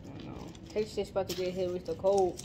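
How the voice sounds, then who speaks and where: A woman chatting casually in a daily vlog, animated and exclaiming, stretching out her words. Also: fairly low pitch, fairly quick, slight background noise. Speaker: vlogger.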